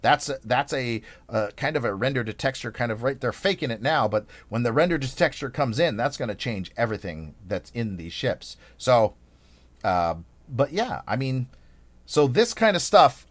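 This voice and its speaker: A man's voice: medium pitch, dry recording. A man streaming a game, chatting casually in a rambling, playful, over-the-top way full of fillers. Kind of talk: casual live-stream chat.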